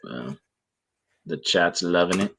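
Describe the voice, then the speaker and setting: A man co-hosting a casual livestream chat, an animated and chatty storyteller. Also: low voice, slow pace, a little hiss or hum.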